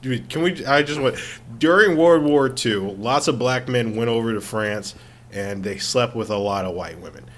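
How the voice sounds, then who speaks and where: A man's voice: mid-range voice, moderate pace, a bit bright. A man in his twenties co-hosting a podcast in casual chat, crude and joking and laughing often. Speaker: podcast co-host.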